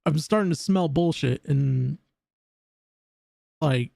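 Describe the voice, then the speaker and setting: A man hosting a casual reaction stream, talking haltingly with many restarts. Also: fairly high pitch, creaky, darkish tone, dry recording, studio quality. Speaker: streamer host.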